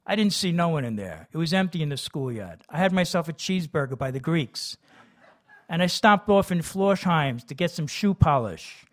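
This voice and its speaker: A gruff, blustering dad who jokes and brags in a loud, raised voice, as a male storyteller puts him on. His talk is brash and offhand, slightly higher than the reader's own voice. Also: animated, moderate pace, natural voice. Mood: boastful. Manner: brash and joking. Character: gruff, blustering working-class father.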